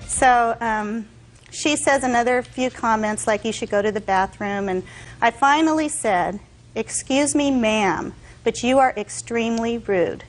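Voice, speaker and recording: A woman testifying as a defendant, telling her story in an animated way and acting out what others said. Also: a little high, a little slow, faint music behind, low-quality recording. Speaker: defendant in a courtroom show.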